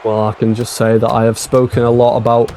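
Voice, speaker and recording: A male color commentator chats loosely about a wrestling match. He swears and keeps saying "mate", and steady background noise runs under his voice. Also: mid-range voice, a little fast. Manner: chatty, swearing, says "mate" a lot.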